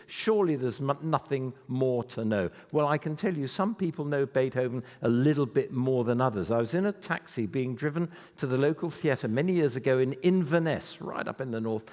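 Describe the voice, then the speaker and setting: A man's voice: medium pitch, animated, a little fast, hardly any pauses, a little mellow. A man in his eighties giving an anecdotal, self-deprecating talk about his life to a festival audience. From United Kingdom. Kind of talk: storytelling lecture to a live audience. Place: festival venue before an audience. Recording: reverberant hall.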